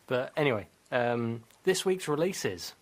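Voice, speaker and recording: A man's voice: mid-range voice, expressive, a little slow. A man hosts a casual gaming podcast with a mid-range voice. He rambles a little, jokes at his own expense and laughs often. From Britain. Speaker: podcast host. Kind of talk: casual chat.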